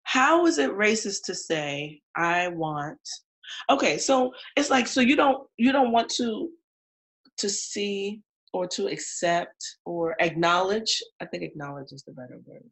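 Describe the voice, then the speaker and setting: A woman's voice: mid-range voice, expressive, fairly bright tone. A woman co-hosting a casual podcast chat, outspoken and emphatic, teasing her co-host. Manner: outspoken, emphatic, quick to tease.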